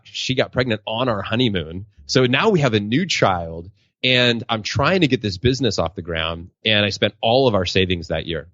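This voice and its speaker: Animated storytelling man, dry sound. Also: on the low side, no echo, highs cut off. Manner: animated, acts out quotes in a raised voice. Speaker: podcast guest, professional speaker. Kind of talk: storytelling interview answer.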